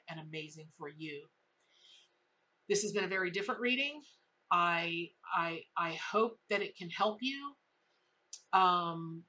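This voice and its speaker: Emphatic woman tarot reader, bright voice. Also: on the low side. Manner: emphatic, repetitive storytelling. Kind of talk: casual spoken tarot reading.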